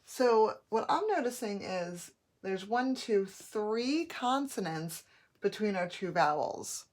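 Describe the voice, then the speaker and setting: A woman teaching a phonics lesson, sounding out words slowly and clearly, syllable by syllable. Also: medium pitch, lively intonation, a little mellow.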